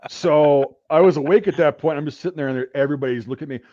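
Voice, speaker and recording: A man's voice: fairly high pitch, quick pace, warm tone, no echo. A man hosting a podcast, telling a rambling war story in casual, profanity-heavy talk. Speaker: podcast host. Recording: dull dry recording.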